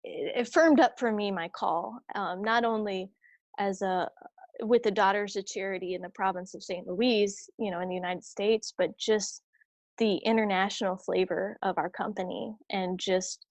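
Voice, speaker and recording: A religious sister telling a personal story in a conversation, animated and chatty, acting out what others said. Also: female voice, medium pitch, moderate pace, no echo. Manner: animated, acts out quoted voices; chatty, many fillers and restarts.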